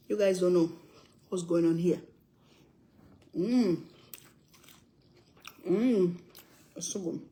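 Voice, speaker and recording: A woman's voice: lowish voice, mellow. A middle-aged woman talks through her cooking stream at home with a teasing, chatty ease. She laughs easily and keeps the banter going with her viewers. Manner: chatty, playful, laughs often. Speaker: cooking channel host. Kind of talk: casual livestream cooking chat.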